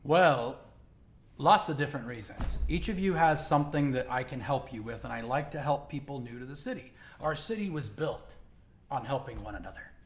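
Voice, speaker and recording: A man's voice: medium pitch, animated, normal speed, lightly acted. A man playing a genial, portly middle-aged dwarf who is the patron of the city, speaking in a hearty, welcoming way.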